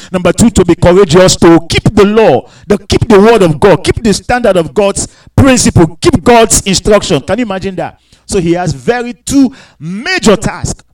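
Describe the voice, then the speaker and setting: A man preaching a sermon, dropping to quiet asides and rising to loud, drawn-out scripture readings, asking the congregation to answer back. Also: high-pitched, low-quality recording. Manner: calls out to the congregation for responses.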